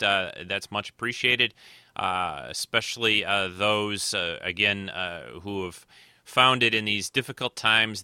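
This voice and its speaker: Male podcast host, slightly nasal, rambling delivery with lots of pauses, very bright crisp tone, bone-dry close mic. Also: fairly low pitch, no room sound. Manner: rambling, many filler pauses. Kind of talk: casual solo podcast talk.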